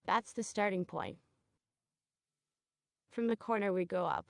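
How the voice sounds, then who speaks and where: A woman teaching a cosmetology procedure, guiding a student step by step and checking in with quick questions. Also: medium pitch, creaky, no echo, studio quality. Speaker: cosmetology instructor. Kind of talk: hands-on training demonstration.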